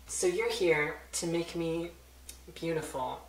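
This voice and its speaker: A man's voice: a little high, takes it slowly, voice pushed up. A man voicing a sassy, fame-obsessed teenage heroine with a snarky, self-satisfied manner. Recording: roomy echo.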